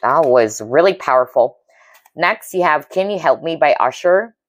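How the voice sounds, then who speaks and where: Woman, low-pitched, earnest empathic tarot reader, dry close recording. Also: lively intonation, moderate pace, dry recording. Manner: earnest, intuitive, frequent "okay?" check-ins; emotionally moved, empathic. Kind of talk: pick-a-card tarot reading.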